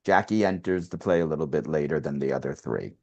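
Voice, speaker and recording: A man's voice: a bass voice, fast talker, vocal fry, a little mellow, lo-fi sound. A man, a playwright, politely assigning roles to readers over a video call. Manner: orderly, politely assigning parts. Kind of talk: casual chat on a video call.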